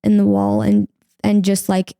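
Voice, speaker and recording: A woman's voice: medium pitch, completely flat delivery, unhurried, vocal fry, warm tone, clear, resonant tone, no room sound, studio quality. A young woman speaking as a podcast guest, sharing a personal story candidly and acting out her own past words. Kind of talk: emotional personal interview.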